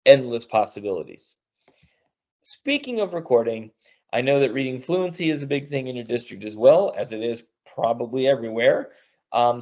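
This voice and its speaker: A man's voice: mid-range voice, darkish tone. A man in his thirties runs a live online teaching demo, upbeat and conversational. His voice sits in a middle register. The sound is a little dull, like typical webinar audio from a computer mic. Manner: upbeat, chatty, says "all right" often. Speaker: webinar presenter.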